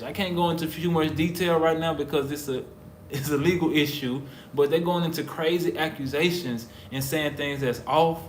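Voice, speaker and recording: A man from the United States talking casually to camera, emphatic and preacherly, repeating his points. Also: fairly high pitch. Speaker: vlogger, husband in couple channel. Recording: roomy echo, faint background noise.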